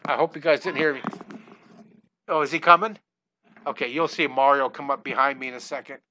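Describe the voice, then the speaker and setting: Speaking briskly at a medium pitch, an older man teaching drawing online welcomes viewers by name in a live lesson. He's excitable and a bit all over the place, using a headset mic in his home studio, with background noise audible.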